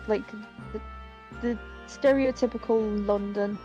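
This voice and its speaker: A woman's voice: mid-range voice, steady tone, unhurried, mellow, dull audio, soft background music. Chatty, foul-mouthed woman gamer. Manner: chatty, swears freely. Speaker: player voicing parts. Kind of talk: casual gaming chat.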